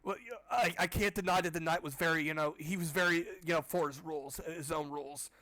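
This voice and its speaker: Man, casual read-aloud, sarcastic asides, swearing, higher voice. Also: fast, bright, forceful tone. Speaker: audiobook club reader.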